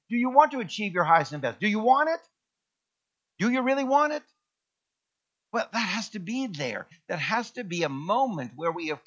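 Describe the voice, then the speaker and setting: Bright high-voiced preaching pastor. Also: male voice, dull audio. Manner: preaching with rising proclamations and call-and-response. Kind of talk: sermon.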